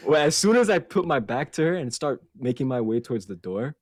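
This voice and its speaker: A man hosting a podcast, telling a story in a casual, animated and profane way, laughing as he goes. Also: mid-range voice, a little fast, dry recording, clean studio sound. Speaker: podcast host.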